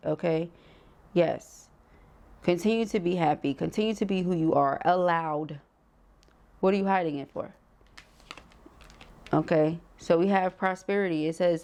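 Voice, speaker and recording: Woman tarot reader, slightly low voice, sore throat, preachy and slangy, lots of "you get what I'm saying". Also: a little slow, long pauses, darkish tone. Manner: emphatic, preachy, slangy with rhetorical asides. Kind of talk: casual spoken tarot reading.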